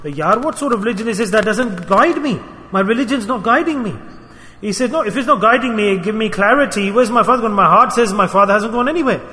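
A man preaching a sermon to a gathering of brothers, telling a story and acting out its quotes in a lively way. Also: high-pitched, quick pace. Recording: reverberant hall.

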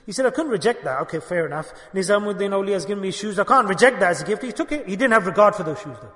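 A man, a native Urdu speaker, preaches a sermon in a high voice, urging his listeners with rhetorical questions. His words ring out with a long reverb, as in a large hall. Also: very fast, a bit bright. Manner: emphatic, exhorting, rhetorical questions. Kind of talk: sermon storytelling.

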